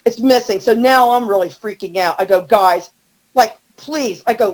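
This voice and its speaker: A middle-aged woman telling a story as a podcast guest, animated and acting out the quotes. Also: a little fast, rough recording. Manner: animated, acts out quotes with rising pitch. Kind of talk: storytelling in casual chat.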